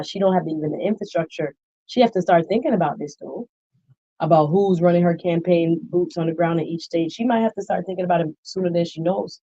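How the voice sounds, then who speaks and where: A woman hosts a casual reaction commentary with an animated, exclaiming delivery, acting out her own reactions in quotes. Her voice is mellow and warm. The sound is dry and slightly dull, like a lo-fi home recording. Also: fairly low pitch, no echo. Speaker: political commentary host.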